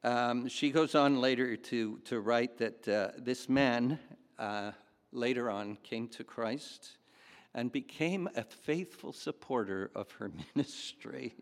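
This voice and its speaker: A man's voice: mid-range voice, takes it slowly. A man preaching a sermon in a chatty, storytelling way with fillers and asides. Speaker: pastor. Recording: long hall reverb.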